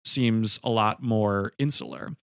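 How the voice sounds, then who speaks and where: Guy with a lowish voice chatting about a movie, lots of "you know", dry mic. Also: animated, takes it slowly, creaky, a bit bright, clear, resonant tone, dry recording. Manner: thoughtful, many fillers. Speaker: podcast co-host. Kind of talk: casual film discussion.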